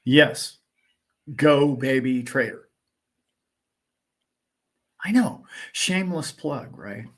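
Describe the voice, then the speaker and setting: A man's voice: mid-range voice, expressive, drawn-out words, pauses often. A man hosting a casual livestream, talking emphatically in a ranting way and firing off rhetorical questions. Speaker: livestream host.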